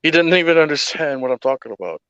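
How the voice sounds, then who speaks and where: A man's voice: a little high, lively intonation, fast talker, bright, forceful tone, clear, resonant tone, dry recording, dull audio. A man co-hosting a podcast, teasing and laughing a lot in casual banter. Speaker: podcast co-host.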